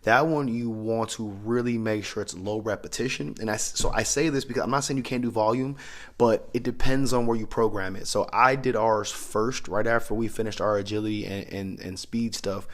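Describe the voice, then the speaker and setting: A man's voice: on the low side, fairly even intonation, fairly quick. A man talking as a strength coach, explaining training methods in a loose, conversational way. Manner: conversational, loose, with restarts and asides. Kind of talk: casual instructional talk.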